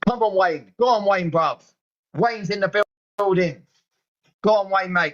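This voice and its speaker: Speaking slowly and pausing often, a man with a British accent pleads and repeats himself in exasperation during a casual live stream chat. His pitch is high and his tone a bit bright, though the audio loses its upper frequencies.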